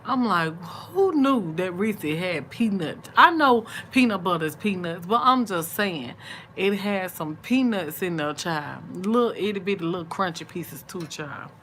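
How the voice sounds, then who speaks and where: A middle-aged woman talks on a late-night livestream, sleepy and yawning. Her voice sits a little low, and she draws her words out in an easy, chatty way with soft murmured asides. A faint hiss runs underneath. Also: lively intonation, unhurried. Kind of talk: casual late-night chat with viewers.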